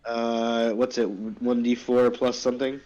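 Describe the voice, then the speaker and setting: A man's voice: medium pitch, flat delivery, a little slow, warm tone, muffled recording. A man playing in a tabletop game, describing his character's actions step by step. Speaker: player. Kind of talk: casual tabletop play.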